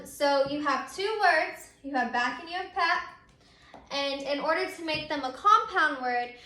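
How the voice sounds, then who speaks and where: A woman's voice: high voice, bright, forceful tone. A young woman teacher, patiently explaining a grammar lesson step by step with frequent ums. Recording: echoey room.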